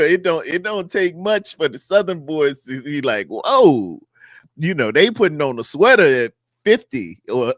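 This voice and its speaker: A sports show host with a fairly high voice runs a casual fan livestream from his home studio in North Carolina, chatting loosely and repetitively and calling out viewers by name. The sound is clean studio audio with no echo.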